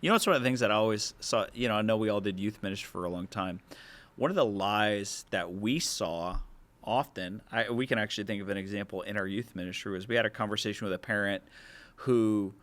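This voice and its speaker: A man's voice: lowish voice, fast talker, a bit bright. A man co-hosting a faith-based podcast about fatherhood, reflective and telling stories from his youth ministry days in casual chat. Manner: reflective, tells stories, many likes and restarts.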